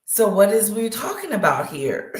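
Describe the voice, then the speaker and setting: A woman's voice: mid-range voice, sing-song, slow, roomy sound. A woman hosting a casual late-night live chat from her bedroom, gossipy and exclaiming with frequent laughter. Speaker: livestream host. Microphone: device screen close up.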